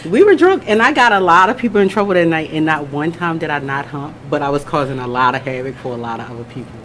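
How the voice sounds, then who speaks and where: A woman co-hosting a radio talk show, telling a story with bold, animated energy. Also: low voice, fast, slight background noise. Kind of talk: casual chat. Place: radio studio.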